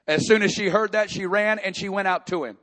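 A man preaching a sermon, reading scripture and building to impassioned, near-shouted prayer. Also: high-pitched, brisk. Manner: impassioned preaching, rising to shouts in emotional passages. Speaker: pastor.

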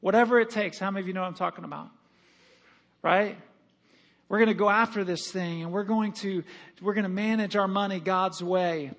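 Male pastor, high-pitched, emphatic sermon delivery with call-and-response. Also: fairly even intonation, fairly quick, pauses often, fairly bright tone. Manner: emphatic, repeats phrases, calls for congregation responses.

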